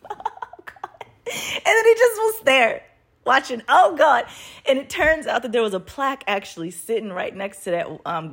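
Woman, husky, casual storytelling, animated, swears a lot, laughs between lines. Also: mid-range voice. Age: adult. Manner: animated, profane, laughs often while telling. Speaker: vlogger.

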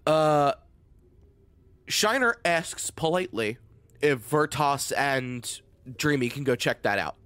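A man's voice: fairly high pitch, animated, takes it slowly, long pauses, a bit bright, clean tone, dry recording. A man playing a tabletop game, talking casually with jokes and swearing. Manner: casual, profane, jokey. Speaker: player. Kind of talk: tabletop role-play.

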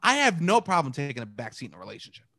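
A man's voice: on the high side, wildly swooping pitch, very fast, pushed and bright, dry recording. A man with a thick New York accent, hosting a playful, self-mocking casual chat. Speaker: host.

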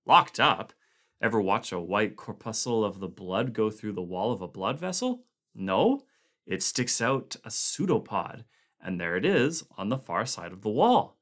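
A grim, weary male expedition leader with a low, measured voice, as a man reads him in a storybook. He is thoughtful and soft-spoken, never rushing. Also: big pitch swings.

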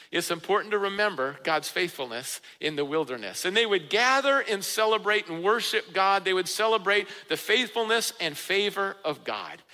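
Guy preaching, earnest, goes soft and slow then builds up, echoey church hall. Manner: earnest preaching, rising for emphasis and dropping low and slow. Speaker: pastor. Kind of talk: sermon.

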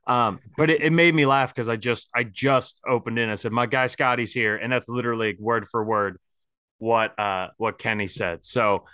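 A man's voice: medium pitch, moderate pace, bright, forceful tone, clean tone, no echo, clean studio sound. A man hosting a casual sports podcast, talking candidly and rambling with lots of fillers. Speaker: podcast host.

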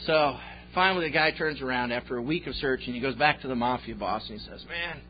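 A man's voice: medium pitch, fast, slight background noise. A man pastor preaching a sermon with folksy storytelling and jokes, on a slightly dull recording.

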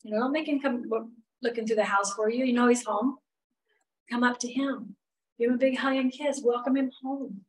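A woman's voice: a little high, steady tone, a little fast, slight background noise. A middle-aged woman, teaching a women's Bible study in a chatty, candid way with many asides. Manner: chatty, candid, lots of "you know" asides. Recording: voice a bit far from the mic.

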